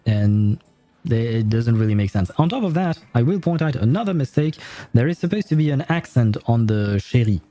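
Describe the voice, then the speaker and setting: A man's voice: mid-range voice, lively intonation, normal speed, mellow. A man giving chatty, amused let's-play commentary as a streamer, with faint game music behind. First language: French. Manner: chatty, amused, nitpicky asides.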